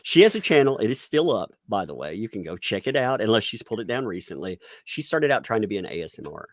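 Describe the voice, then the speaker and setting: A male host chats on a live stream, his pitch swinging widely as he laughs and swears through mocking asides. The sound is close and dry, with almost no room. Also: very animated, quick pace, no echo. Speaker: commentary channel host. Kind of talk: casual live-stream chat.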